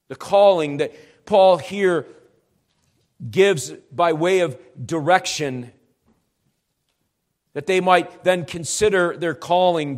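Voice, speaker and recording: High-voiced man preaching an earnest sermon. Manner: earnest preaching that builds to emphatic urgency. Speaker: pastor. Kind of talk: expository sermon.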